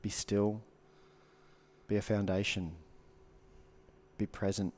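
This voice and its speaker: A man's voice: on the low side, level tone, slow, darkish tone. A man, a guest coach giving earnest advice in casual podcast talk, repeating short punchy phrases.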